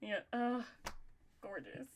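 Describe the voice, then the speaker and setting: A woman's voice: fairly high pitch, fairly even intonation, slow pace, highs cut off, crowd noise. A young woman from Texas hosting a stream, giggly and chatty with many fillers. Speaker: streamer host. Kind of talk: casual stream chat.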